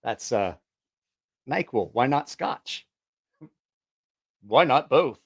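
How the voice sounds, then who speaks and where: A man's voice: medium pitch, expressive, slow pace, breathy edge. A middle-aged man chatting casually on a vlog, rambling and swearing while he makes fun of himself as he tests gear. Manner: rambling, profane, self-mocking. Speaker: musician testing a voice effects box.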